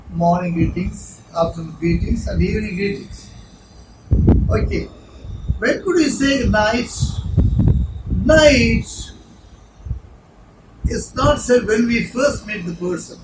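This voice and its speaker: A man's voice: high voice, takes it slowly, pauses often. A man with a Tamil accent teaching a spoken English lesson, repeating each phrase several times to drill pronunciation. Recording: echoey room, mic far off, noisy.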